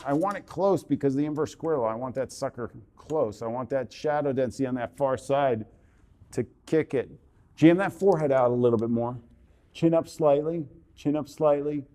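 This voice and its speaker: A man coaching a portrait subject through a photo shoot, giving brisk, repetitive commands over a live video call. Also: medium pitch, warm tone.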